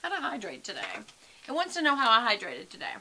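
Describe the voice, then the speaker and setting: A woman's voice: fairly high pitch, huge pitch swings, quick pace, pushed and bright, a little hiss or hum. A woman, chatting casually and rambling to her viewers at home, calling them y'all. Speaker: vlogger. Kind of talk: casual chat to camera.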